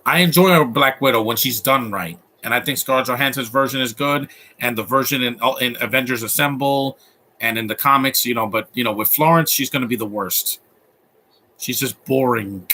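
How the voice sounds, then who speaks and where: A man's voice: medium pitch, normal speed, bright, forceful tone. A man in his thirties giving live movie commentary, opinionated and rambling, often restarting his sentences.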